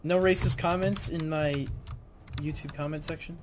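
A man's voice: a little high, moderate pace, background noise. A man streaming a game, chatting casually and yelping when startled. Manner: excitable, yelps and shouts when surprised. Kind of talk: casual gaming banter.

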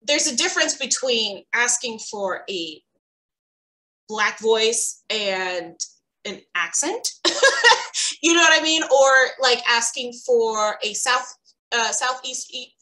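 A woman's voice: a little high, pushed and bright, low-quality recording. A woman co-hosting a panel on a video call, talking earnestly and animatedly, often restarting her sentences. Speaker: co-host of a panel discussion.

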